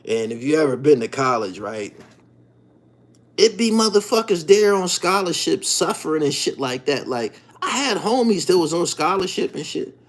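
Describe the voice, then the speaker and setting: A man hosting his own channel, delivering an emphatic, profane monologue in street slang, swinging from low mutters to loud outbursts. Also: very animated, normal speed. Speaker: channel host. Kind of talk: animated profane monologue to viewers.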